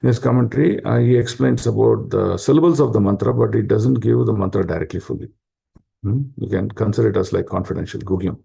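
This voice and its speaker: Man, informal scripture talk, husky and dark-toned. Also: on the low side, quick pace. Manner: explanatory, asks rhetorical questions, many fillers. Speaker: spiritual class speaker.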